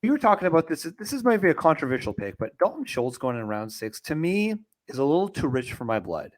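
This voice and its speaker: A man's voice: fairly high pitch, sing-song, a little fast. A man from Canada co-hosting a fantasy football podcast, chatty, laid-back and a little self-deprecating. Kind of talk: casual sports podcast banter.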